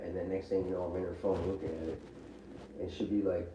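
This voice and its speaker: A parolee in his thirties, formerly an inmate, speaks candidly and casually about his family, his talk loose and packed with "likes." His dark, low voice keeps fairly even intonation and runs a little fast, recorded from afar in a muffled, echoey room with faint hiss.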